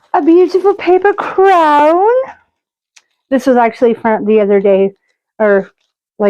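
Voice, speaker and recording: A woman's voice: medium pitch, warm tone, lo-fi sound. A woman hosting a casual cooking vlog, chatty and rambling with side stories. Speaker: cooking show host.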